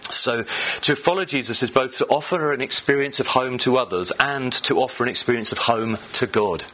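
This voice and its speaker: Bright-voiced man preaching a sermon. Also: mid-range voice, fairly quick, a little hiss or hum, rough recording. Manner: conversational, with fillers and restarts, asks the congregation questions. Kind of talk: sermon with scripture reading. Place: church.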